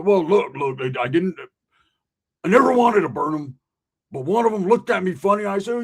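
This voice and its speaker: A man with a notably high-pitched voice tells a story in rough street slang. He is animated and swears constantly, and he chuckles at his own jokes as he goes. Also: moderate pace, long pauses. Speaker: storyteller, ex-convict. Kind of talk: casual profane storytelling.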